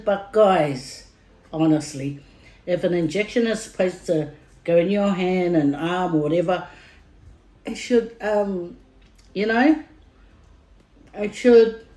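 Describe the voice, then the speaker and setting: A woman's voice: mid-range voice, mellow. A middle-aged woman with a Samoan accent telling a family story to her vlog viewers in a rambling, casual way, full of fillers and repeated words. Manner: rambling, many fillers, heated when retelling. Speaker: family vlogger. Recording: roomy echo with faint music.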